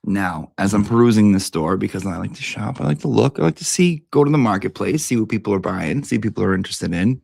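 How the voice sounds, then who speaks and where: A man's voice: lowish voice, expressive, fast talker, creaky, few pauses, a little mellow, breathy edge, dry recording. A man giving a brash, profane, theatrical comic review of beauty products.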